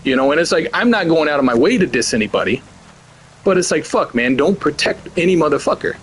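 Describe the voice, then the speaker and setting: A man's voice: on the high side, expressive, fast, slight background noise. A man in his forties giving a blunt, profane, heated rant as the host of a gaming channel. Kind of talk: ranting commentary over gameplay.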